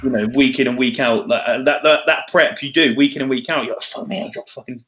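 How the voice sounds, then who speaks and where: A man's voice: medium pitch, quick pace, a bit bright, highs cut off. A man, rambling in casual chat as a podcast co-host, swearing often and laughing. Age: 20s.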